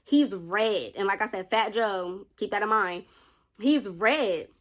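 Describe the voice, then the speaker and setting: A young woman vlogger telling a personal story in a chatty, animated way, often speaking straight to her viewers. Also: medium pitch, slow pace. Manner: chatty, animated, keeps addressing viewers directly. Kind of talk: casual storytime narration.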